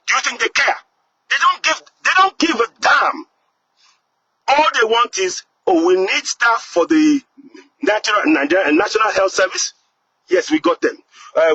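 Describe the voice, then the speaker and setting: A man making an impassioned, angry political appeal that rises to shouts. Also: extremely high pitch, slightly rough. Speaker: activist speaker. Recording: muffled lo-fi audio.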